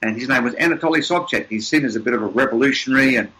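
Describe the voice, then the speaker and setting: A man's voice: mid-range voice, very fast, sharp tone, poor audio. An older man, an interview guest, telling motivational stories in an emphatic, upbeat way with repeated words. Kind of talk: motivational storytelling.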